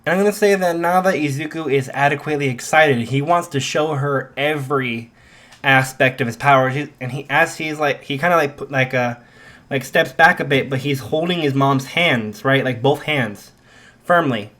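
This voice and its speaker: A man's voice: mid-range voice, moderate pace, a bit bright. Rambling man telling a fan story. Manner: rambling, full of "like" fillers.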